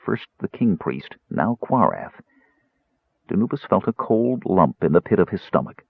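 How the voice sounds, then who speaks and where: A man narrating a fantasy audiobook in an expressive, scripted style, on a tinny, dry recording. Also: deep voice, gravelly, slightly rough, no echo. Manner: expressive, voices characters.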